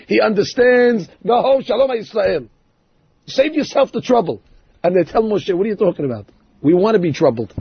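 A man teaching a sermon on Torah stories, acting out the dialogue of the people in them with lively changes of voice. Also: high-pitched, husky. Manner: animated, acts out dialogue in the stories. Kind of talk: sermon with storytelling. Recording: dull lo-fi recording.

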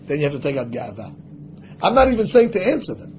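A man's voice: fairly high pitch, very animated, fast talker, muffled recording, slight background noise. A man teaching a religious class, speaking emphatically and acting out the voices of imagined people. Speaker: Torah teacher.

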